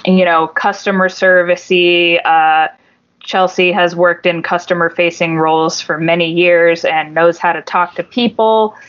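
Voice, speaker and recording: A woman with a lower voice tells a story on a podcast, casual and swearing freely. She jumps into the voices of the people she quotes, and the sound is dull and lo-fi. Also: a little slow, clear, resonant tone. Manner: animated, profane, acts out quoted voices. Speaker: podcast co-host.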